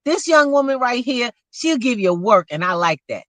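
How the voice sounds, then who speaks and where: A woman's voice: fairly high pitch, moderate pace, no room sound. A woman hosting a podcast, telling stories in a folksy way, calling listeners y'all and acting out the dialogue. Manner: animated storytelling, acts out quoted dialogue. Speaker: podcast host. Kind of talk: casual chat.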